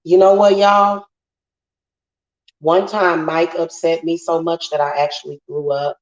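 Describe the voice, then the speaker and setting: A woman's voice: lowish voice, flat delivery, measured pace. A woman hosting a casual witchy livestream, venting bluntly and profanely to her viewers. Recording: roomy, slightly dull home sound.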